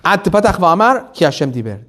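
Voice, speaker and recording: A rabbi gives a Torah lesson in a high, bright-sounding man's voice. He tells the story with energy and acts out the quoted lines as he goes. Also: a little fast. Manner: animated storytelling, acting out quotes. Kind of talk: Torah class sermon.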